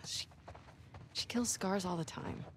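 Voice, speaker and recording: A woman's voice: lowish voice, a little slow, background noise, lightly acted. A woman voicing a blunt young soldier woman. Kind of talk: video game dialogue.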